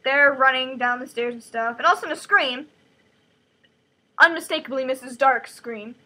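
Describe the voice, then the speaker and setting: Chatty high-voiced woman recapping a book. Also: normal speed, bright, forceful tone, poor audio. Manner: chatty, joking, lots of fillers like "like". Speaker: host retelling a book chapter.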